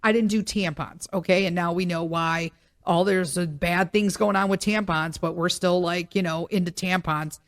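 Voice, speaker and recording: Woman podcast host, middle-aged, casual solo chat, lively and joking, voice a bit worn from illness. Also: lowish voice, normal speed. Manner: chatty, animated and joking, with loud emphatic asides. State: recovering voice after being sick.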